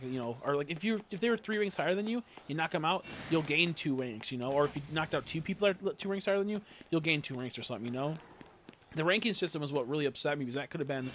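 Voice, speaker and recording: A man's voice: a little high, a bit bright, slight background noise. Rambling, profane young male streamer. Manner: rambling, profane, talks to chat. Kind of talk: casual live-stream chat.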